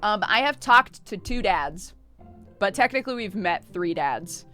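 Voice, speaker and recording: A woman's voice: mid-range voice, animated, measured pace, pushed and bright, faint music behind. Giggly woman streaming a game. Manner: giggly, playful, reads game lines aloud. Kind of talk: casual live-stream commentary.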